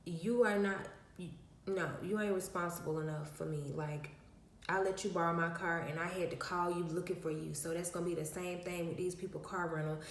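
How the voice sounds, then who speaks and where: A woman's voice: lowish voice, steady tone, a little fast, echoey room, slight background noise. A woman vlogger telling a story to her viewers in a casual, emphatic, slangy way, with many fillers.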